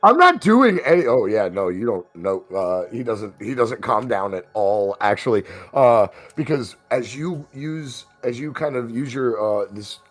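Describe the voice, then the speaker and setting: A man's voice: fairly low pitch, a little slow, hardly any pauses, a little mellow, faint music behind. A man narrating as game master of a tabletop role-playing game, teasing his players and laughing often.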